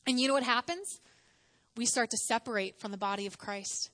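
Lady preacher, kinda high voice, chatty, keeps asking the crowd stuff. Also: brisk, fairly bright tone. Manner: conversational, asks the audience questions, dramatizes quotes. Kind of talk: sermon.

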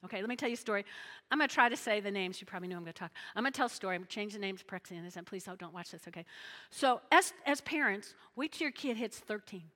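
Bright-voiced woman preaching in a reverberant hall. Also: mid-range voice, very fast. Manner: animated, chatty preaching with frequent "okay?" check-ins. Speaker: pastor. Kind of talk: sermon.

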